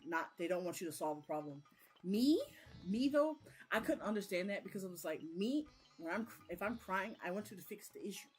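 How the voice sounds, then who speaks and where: A woman's voice: mid-range voice, animated, brisk, darkish tone, slightly rough, soft background music. A young woman recapping a book chapter in a rambling, chatty way, full of fillers, on a casual live stream. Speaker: book vlogger.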